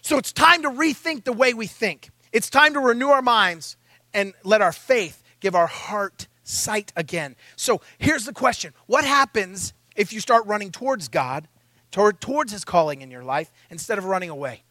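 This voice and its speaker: Male preacher, high bright voice, lively self-mocking storyteller, dry close sound. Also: moderate pace, no echo. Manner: animated, self-mocking storytelling, acting out his own panic. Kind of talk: sermon. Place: church.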